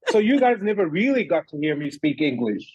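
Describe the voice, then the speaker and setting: A man's voice: a little high, a little fast, husky, no echo. A Zimbabwean man with a blend of Zimbabwean and American accents, a chef telling stories as a guest in a casual interview. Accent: mixed Zimbabwean and American. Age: young adult. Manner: animated storyteller, stacks repeated starts. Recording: dull, dry lo-fi sound.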